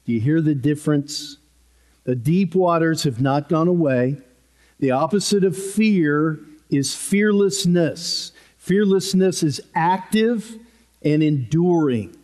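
A man's voice: medium pitch, a little mellow. Male pastor, conversational sermon, takes his time, light self-deprecating humor, church podium mic. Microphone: podium microphone.

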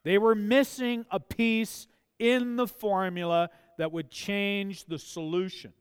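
A man's voice: high voice, fairly even intonation, slow, smooth, long reverb tail. A man preaching a sermon as a pastor, speaking with impassioned emphasis in a church. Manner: impassioned, rising to emphatic pleas.

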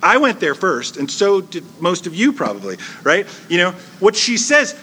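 A man of about forty preaching a chatty, joking sermon, telling a story with lively humor. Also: high-pitched, normal speed, hardly any pauses, a little hiss or hum. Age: 40s. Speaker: pastor. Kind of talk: conversational sermon.

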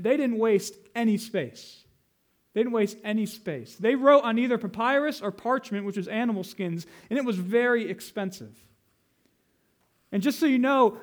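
A man pastor preaching a Sunday sermon, teaching from scripture and slowing down to stress key phrases. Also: high voice. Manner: emphatic, teaching, slows down to stress scripture quotes.

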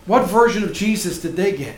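A pastor delivers a sermon in a high, ringing voice, animated and a little fast, swinging from loud and emphatic to soft and hushed. The audio is roomy and echoey like a church sanctuary, with a little hiss or hum.

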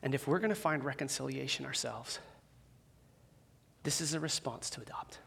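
A man preaching a sermon as a pastor in a church, conversational and animated, with self-deprecating humor. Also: medium pitch, moderate pace, creaky, breathy edge. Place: church sanctuary with a live audience. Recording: long reverb of a large hall.

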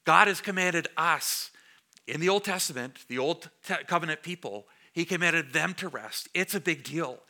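A man on the higher side of the pitch range preaches to his congregation in church as their pastor, at a moderate pace with lively intonation. His tone is bright and forceful, his manner conversational, and he jokes with the listeners.

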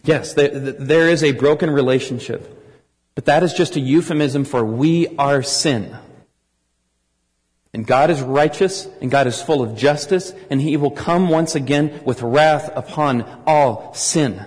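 An American man preaching a sermon, earnest and rising to forceful emphasis. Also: fairly high pitch, measured pace, in a large hall, rough recording. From United States.

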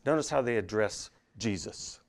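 A pastor preaching a sermon, swinging from hushed, intimate lines to loud, emphatic ones. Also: male voice, lowish voice, lively intonation, normal speed, gravelly.

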